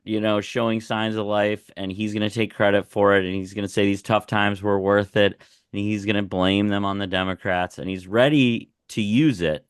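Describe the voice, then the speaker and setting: Deep-voiced male comedian, measured. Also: clean tone, no echo, studio quality. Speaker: comedian guest. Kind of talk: casual panel chat. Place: radio studio.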